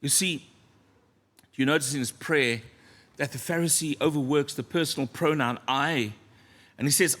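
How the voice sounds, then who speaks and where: A man preaching a sermon in a church, earnest and storytelling, often dropping to a soft, low voice. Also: normal speed, pauses often.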